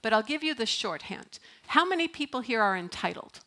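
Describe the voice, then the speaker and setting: A middle-aged woman preaches to her congregation in a church, her voice a little higher than most. She keeps it conversational and playful, breaking into laughter as she goes. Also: sing-song, a little fast, bright, forceful tone. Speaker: minister. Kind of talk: sermon. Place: church sanctuary.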